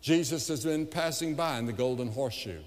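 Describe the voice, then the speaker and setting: A man evangelist delivering a revival sermon to a large crowd, emphatic and building to loud appeals, recorded live in an arena. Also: medium pitch, brisk. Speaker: evangelist preacher. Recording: long hall reverb, live event.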